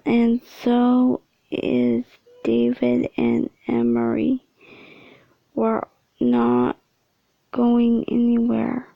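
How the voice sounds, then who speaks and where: A woman voicing a gentle male dog who comforts softly, in a whispered role-play. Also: on the high side, very animated, very slow, vocal fry, no echo, lo-fi sound, exaggerated voice. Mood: comforting. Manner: soft, reassuring.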